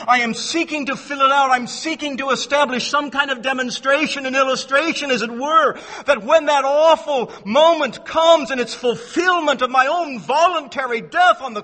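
A man's voice: very high-pitched, pushed and bright, long reverb tail. A man preaching a sermon in an emphatic style, repeating phrases and acting out the voices he quotes. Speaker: pastor.

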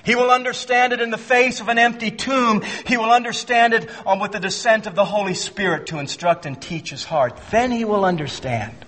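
A man's voice: high voice, brisk, few pauses, a bit bright, long reverb tail. A man preaching a sermon in an emphatic style, repeating phrases and acting out the voices he quotes. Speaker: pastor.

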